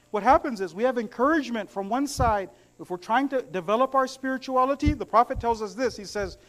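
A man preaching a sermon to his congregation, mixing humorous stories with recited Arabic verses. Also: very high-pitched.

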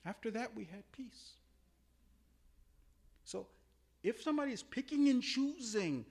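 Male preacher, sermon with stories; high, very lively pitch, sprinkles Arabic terms. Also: normal speed, slightly rough. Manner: animated, swings from loud emphatic peaks to quiet asides; uses Arabic religious terms. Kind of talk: sermon with storytelling.

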